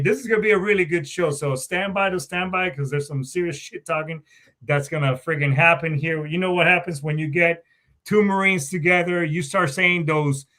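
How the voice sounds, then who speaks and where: A man's voice: a little high, sharp tone. A man who is a Marine veteran, hosting a podcast in a loose, rambling, joking way with plenty of swearing. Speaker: podcast host. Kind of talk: casual podcast chat.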